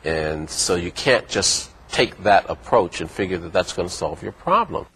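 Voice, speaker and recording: A man's voice: deep voice, expressive, moderate pace, a bit bright, breathy edge. A man in a documentary interview speaking in a practical, matter-of-fact way. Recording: crowd noise behind voice.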